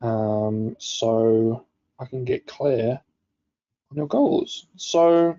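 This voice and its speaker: A man's voice: medium pitch, drawn-out words, mellow, muffled recording. A man hosting a live online coaching session, upbeat and chatty, reading out viewers' comments as he goes. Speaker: webinar host.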